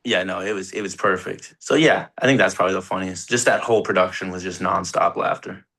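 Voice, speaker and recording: A man's voice: deep voice, a little fast, gravelly, sharp tone. A young man, an actor, chatting casually in an interview, rambling and laughing as he tells set stories. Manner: laid-back, rambling, laughs often, swears casually. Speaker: actor guest.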